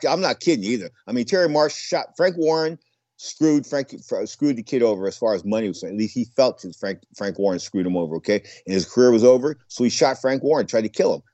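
A man's voice: medium pitch, darkish tone, dry recording. An older man, a former boxer, talking in a rambling, digressive monologue that keeps circling back on itself. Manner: rambling, digressive, repeats himself. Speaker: boxing commentator and former fighter. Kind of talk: casual monologue. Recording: dull lo-fi audio.

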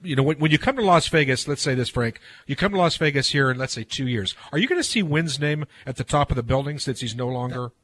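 A man co-hosting a sports talk radio show, talking rapidly with restarts and steering the conversation. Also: medium pitch, animated, a bit bright, a little hiss or hum. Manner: rapid, restarts, drives the topic. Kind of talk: casual studio banter. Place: radio studio. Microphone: studio microphone.

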